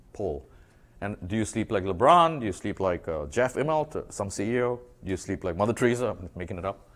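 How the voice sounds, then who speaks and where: A man giving a conversational talk to an audience, animated and acting out bits of dialogue as he tells stories about his branding work. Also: fairly low pitch. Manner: animated storytelling, acts out dialogue. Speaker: speaker presenting branding work.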